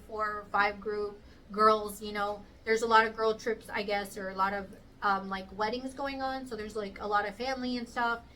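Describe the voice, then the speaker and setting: A woman in her thirties telling a casual storytime vlog, animated and acting out the voices of the people she quotes. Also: fairly high pitch, far from the mic, slight background noise, rough recording. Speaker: vlogger.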